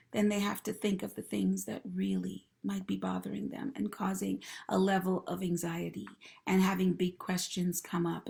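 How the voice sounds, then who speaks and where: A woman's voice: mid-range voice, gravelly, a little mellow. A woman therapist hosting a live-streamed advice talk, encouraging viewers and greeting commenters by name. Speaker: host and mental health professional.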